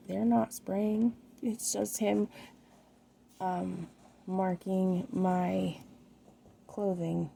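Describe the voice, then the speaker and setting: Middle-aged woman, casual vlog chat, rambling and hesitant, very gravelly, slow, noisy background. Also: mid-range voice, mellow. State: tired. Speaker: vlogger.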